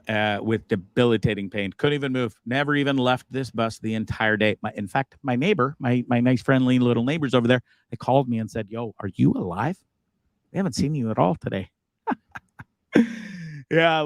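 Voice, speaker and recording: A man's voice: medium pitch, dry recording. A man hosting a casual livestream from a bus, rambling, swearing and laughing at himself. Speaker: host.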